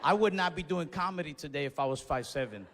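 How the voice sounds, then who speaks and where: A young man doing a stand-up comedy set on stage, telling stories in an animated way that builds to outbursts. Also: fairly high pitch, quick pace, in a large hall, slight background noise. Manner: animated storytelling with escalating outbursts. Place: comedy stage before a live audience.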